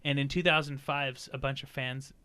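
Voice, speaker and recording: Young guy hosting a podcast, bright voice, rambly and jokey, swears a lot. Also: mid-range voice, fairly even intonation, a little fast, clean tone. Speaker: podcast host. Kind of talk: casual podcast chat.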